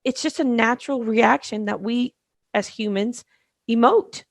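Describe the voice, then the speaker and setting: A woman's voice: fairly high pitch, a little slow, gravelly, dry recording, studio quality. A middle-aged woman co-hosting a podcast, speaking emphatically in casual conversation and repeating words for stress. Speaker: podcast co-host, grief specialist.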